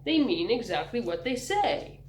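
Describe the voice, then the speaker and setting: A woman's voice: a little high, sing-song, a little slow, roomy sound, slight background noise, pitched above the performer's own voice, poor audio. A woman doing a kind teenage brother. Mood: reassuring. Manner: reassuring, thoughtful. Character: teenage boy, kind, patient, dreaming of travel.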